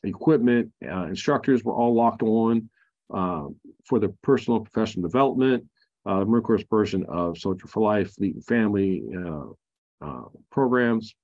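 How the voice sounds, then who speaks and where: Frank, halting male veteran storyteller. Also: on the low side, lively intonation, a little mellow, highs cut off. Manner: frank, halting, many fillers and restarts. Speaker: podcast guest, Marine veteran. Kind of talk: candid personal storytelling.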